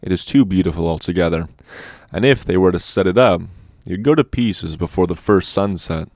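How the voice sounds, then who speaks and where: A man narrating an audiobook in a measured way, with wry asides. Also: sits low, darkish tone, no echo, studio quality. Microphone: dynamic studio mic.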